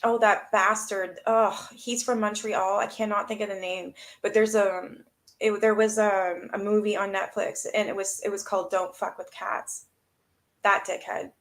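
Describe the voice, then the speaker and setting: Reading from a book on her live stream, this host speaks at a moderate pace in a medium-pitched, level voice. She regularly stops to respond to her viewers, welcoming chat members with blunt remarks and frequent swearing.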